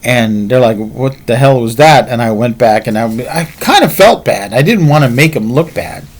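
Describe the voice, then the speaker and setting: A man's voice: mid-range voice, expressive, moderate pace, slightly rough. A man telling a martial arts story in a casual, rambling way, with frequent fillers.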